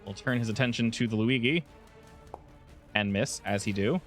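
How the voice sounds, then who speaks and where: A man's voice: medium pitch, normal speed. Male game master narrating a tabletop session, laid back, trips over words, faint music behind. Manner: relaxed, with frequent restarts and fillers.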